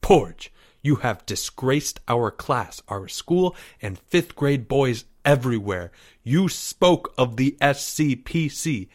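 A man voices a stern, bossy fifth-grade ringleader, low and hushed, giving curt commands. The voice is slow and clipped, with a snappish edge. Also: dry recording, clean studio sound.

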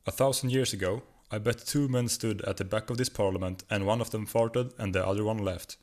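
A man's voice: on the low side, fairly even intonation, a little fast, natural voice. A man with a Swedish accent voicing a joking English tourist. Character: jokey modern Englishman tourist.

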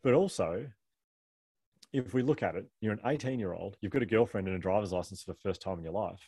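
A man's voice: lowish voice, fast, mellow, breathy edge, dry recording. A middle-aged man telling personal stories as an author guest, rambling, self-deprecating and laughing often. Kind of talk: candid conversational storytelling.

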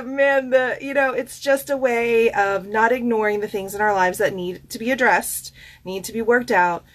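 A woman with a Southern US accent, hosting a casual self-care podcast as a coach. She talks in a chatty, expressive way with many fillers and asides. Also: medium pitch. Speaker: host and life coach. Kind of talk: casual podcast monologue with card reading.

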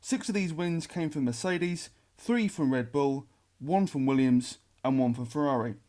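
A man's voice: fairly high pitch, moderate pace. A man hosting a podcast, setting up a question for his co-host. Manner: lively, questioning lead-in. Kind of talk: podcast introduction.

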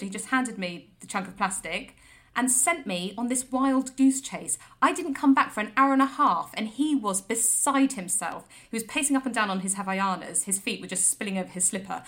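A woman's voice: medium pitch, animated, moderate pace, a bit bright. A woman co-hosting a comedy podcast, telling a rambling anecdote with lots of voiced quotes. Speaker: podcast co-host. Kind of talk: comic storytelling chat.

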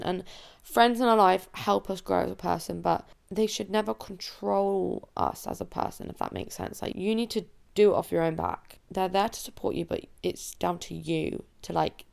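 A young woman from England hosts her own podcast alone, talking candidly and warmly about personal things. Her voice has a gravelly, fry-edged texture at an ordinary middle pitch. She chats in an open, emotional way that sometimes wobbles toward tears. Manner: open, emotional and chatty, voice cracking near tears. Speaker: podcast host. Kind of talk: solo confessional podcast chat. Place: at home under a blanket.

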